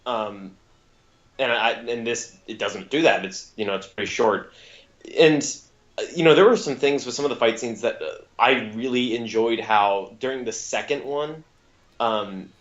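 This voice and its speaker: A man's voice: mid-range voice, normal speed, a bit bright, highs cut off. A man co-hosting a casual podcast film review, rambling with frequent fillers and self-corrections. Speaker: podcast co-host.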